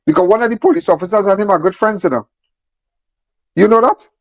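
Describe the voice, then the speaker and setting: A man's voice: high-pitched, quick pace, no echo. A man speaking emphatically, repeating phrases and firing off rhetorical questions. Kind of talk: impassioned on-camera talk.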